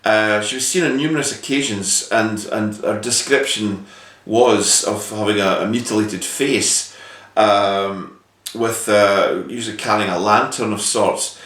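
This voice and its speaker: A man in the host's seat, telling a local ghost tale and questioning a witness, stopping often to restart his sentences. His voice sits fairly low. He is heard from a distance in a room that echoes. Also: steady tone, a little slow, a bit bright. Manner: hesitant, many fillers and restarts. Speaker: host. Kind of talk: storytelling and interviewing. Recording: roomy sound from a distance.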